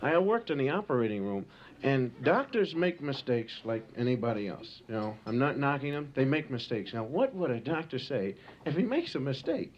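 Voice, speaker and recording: A man's voice: medium pitch, big pitch swings, normal speed. Rambling man telling stories on stage, muffled tape. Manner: loose, rambling, full of "you know". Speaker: stand-up comedian. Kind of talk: live stand-up storytelling. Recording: muffled home tape of a live show with audience and hiss. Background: audience laughter and tape hiss.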